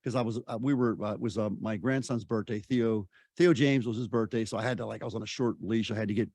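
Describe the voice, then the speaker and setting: A man's voice: fairly low pitch, steady tone, fast talker, a little mellow, no room sound. An older man, a personal development mentor, talking in a casual interview. He is emphatic, repeats himself and acts out voices as he tells stories.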